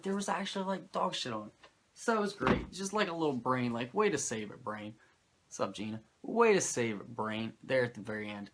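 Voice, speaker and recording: A man hosting a podcast, recapping a show in animated, profane, sarcastic casual chat. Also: on the high side, a little hiss or hum. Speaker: podcast host recapping wrestling.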